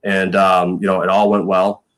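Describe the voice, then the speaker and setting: Deep-voiced man telling stories. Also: level tone, moderate pace, fairly bright tone. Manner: rambling, frequent fillers, acts out quoted lines. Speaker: podcast guest, former punter. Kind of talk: casual storytelling chat.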